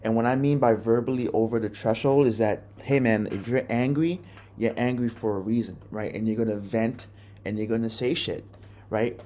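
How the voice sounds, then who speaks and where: A man's voice: medium pitch, moderate pace, mellow. A young man hosting a podcast, telling a personal story in a candid, profane, rambling way with many restarts. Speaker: podcast host.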